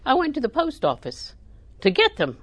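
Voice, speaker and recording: A woman preacher, delivering a sermon with animated emphasis that rises to near-shouting. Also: high-pitched, normal speed, no echo.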